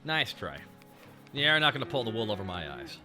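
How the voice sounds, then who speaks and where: A man's voice: fairly low pitch, very animated, normal speed, pushed and bright, faint music behind. A man chatting casually and joking with profanity while he streams a game. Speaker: VTuber streamer.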